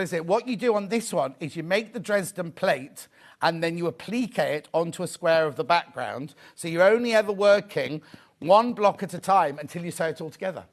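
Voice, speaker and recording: A man hosting a live shopping show, chatty and excitable, often repeating his phrases. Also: sits high. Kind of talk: live sales presentation.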